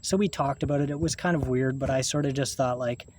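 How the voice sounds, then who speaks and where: A man, talking in a halting, rambling monologue to camera, full of restarts and swearing. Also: mid-range voice, darkish tone, a little hiss or hum. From Canada.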